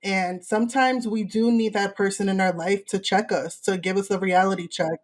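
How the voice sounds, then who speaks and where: A woman's voice: mid-range voice, steady tone, normal speed. A woman hosting a podcast interview, affirming her guest and moving on to the next question. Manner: affirming, encouraging. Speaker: podcast host.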